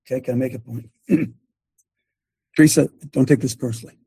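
Gravelly husky preacher man, fired up. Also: steady tone, a little fast, dark tone, dry recording. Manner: passionate, ranting, pitch leaping up when fired up. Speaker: preacher and show host. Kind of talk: fiery preaching to a congregation.

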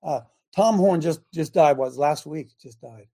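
A middle-aged male radio host preaching on scripture. He talks to his audience and producer in a casual, chatty way, then grows emphatic and loud as he drives each point home. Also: on the high side, a little slow, gravelly. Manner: emphatic, rising to near shouts when quoting scripture; chatty, speaks directly to listeners and producer. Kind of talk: sermon-style Bible teaching.

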